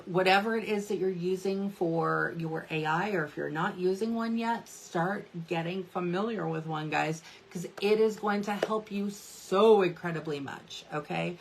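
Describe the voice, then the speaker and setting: A woman's voice: on the low side, creaky. Chatty woman coaching on social media. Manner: chatty, often asks "right?" and "okay?". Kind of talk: casual tutorial talk to camera.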